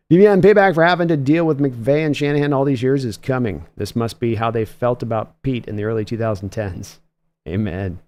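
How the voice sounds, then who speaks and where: A man hosts a casual livestream and reads viewer comments aloud. His talk is chatty and loose, and he chuckles often at mid pitch. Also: darkish tone. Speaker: host.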